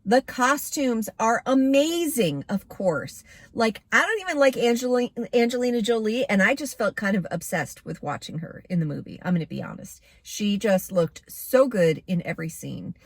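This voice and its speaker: A woman's voice: fairly high pitch, expressive, normal speed, no room sound. A woman giving a casual, candid movie review to camera, chatty with plenty of fillers.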